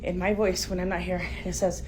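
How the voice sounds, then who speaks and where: A middle-aged woman filming in her house on a phone, talking fast and frightened, often dropping to a whisper. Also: on the low side, flat delivery, background noise. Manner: panicky, breathless, often whispering. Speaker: homeowner filming at home. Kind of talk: frightened phone video narration. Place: inside a house. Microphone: phone camera.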